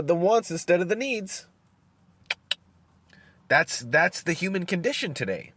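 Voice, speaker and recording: Smoking and drinking coffee, a podcast host delivers a profane, rambling solo rant, frequently repeating words as he works through his thoughts. His fairly high, somewhat bright voice carries no echo.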